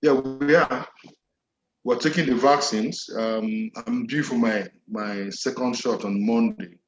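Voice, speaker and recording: A man answering interview questions as a guest medical officer, measured and earnest. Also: mid-range voice, fairly even intonation, soft background music. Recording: dull, echoey line with faint noise.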